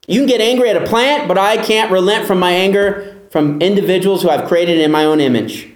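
High-voiced preacher in an echoey hall. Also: male voice, a little fast. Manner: emphatic preaching with rhetorical questions. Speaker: pastor. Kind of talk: sermon.

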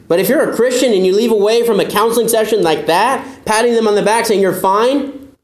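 A pastor preaches a sermon earnestly and emphatically, at times mimicking doubting listeners in a higher voice. The sound is roomy.

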